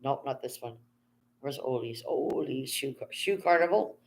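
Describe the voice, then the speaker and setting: A woman's voice: a bass voice, lively intonation, moderate pace, vocal fry. A woman, chatting casually on a live stream, rambling, answering her chat and swearing freely.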